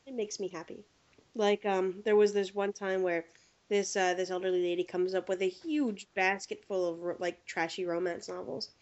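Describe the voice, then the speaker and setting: A woman hosting a casual podcast chat, telling lively stories and acting out the people in them. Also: medium pitch, moderate pace, lo-fi sound. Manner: animated storyteller acting out quotes. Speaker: podcast host.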